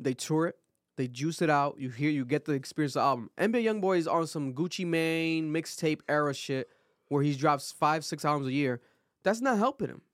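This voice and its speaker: A man co-hosting a casual podcast, pitched a little above the usual. He talks in an animated, opinionated way, full of "like" and "you know". The sound is close and dry. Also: dry recording. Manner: animated, opinionated, heavy filler words. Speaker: podcast co-host. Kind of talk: casual chat.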